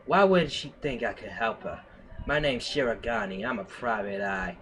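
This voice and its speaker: A man's voice: on the low side, lively intonation, moderate pace, fairly bright tone, slight background noise. Man hamming up a noir reading. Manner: hammy noir narration with asides and self-corrections. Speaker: live streamer reading fan fiction aloud. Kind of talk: comic dramatic reading.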